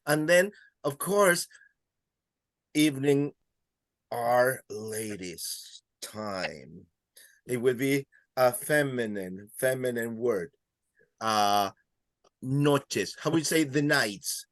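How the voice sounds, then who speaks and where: A man's voice: medium pitch, animated, slow pace, long pauses, a bit bright, no room sound, clean studio sound. A man teaching a beginner Spanish class, counting students in and praising their answers. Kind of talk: classroom language lesson.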